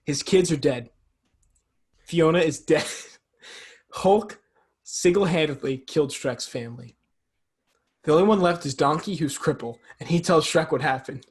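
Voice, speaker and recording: A man's voice: a little high, unhurried, pauses often. A young man hosting a podcast, chatting casually in a joking, argumentative, teasing way. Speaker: podcast host. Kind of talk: casual chat.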